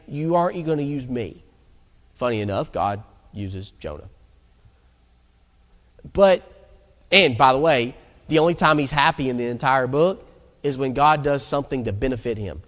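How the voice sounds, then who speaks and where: A man preaching a sermon in a conversational, emphatic way, often asking rhetorical questions. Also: a little high. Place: church sanctuary. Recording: long hall reverb.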